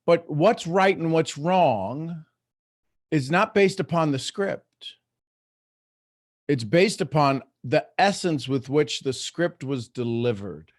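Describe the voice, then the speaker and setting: A man's voice: a little high, expressive, takes it slowly, dry recording, clean studio sound. A middle-aged man hosting a live online coaching talk, speaking earnestly with many restarts as he explains his points. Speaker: host.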